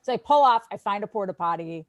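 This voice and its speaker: Animated female guest in her thirties, chatty, dry close mic. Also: mid-range voice, fast, dry recording, lo-fi sound. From Wisconsin. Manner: animated, lots of "like", quotes herself. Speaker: podcast guest, sports TV host. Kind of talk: casual storytelling.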